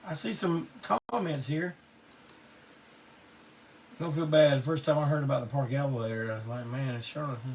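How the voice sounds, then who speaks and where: A man's voice: on the high side, normal speed, long pauses, darkish tone. Laid-back man telling stories, distant mic. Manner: laid-back Southern drawl, salty, laughs often. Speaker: host of a live online show. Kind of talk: casual storytelling to a live audience. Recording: distant mic with faint background noise.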